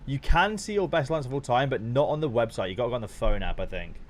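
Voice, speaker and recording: A young man chatting casually to his viewers on a live stream while watching football, swearing freely and getting excited. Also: mid-range voice, quick pace.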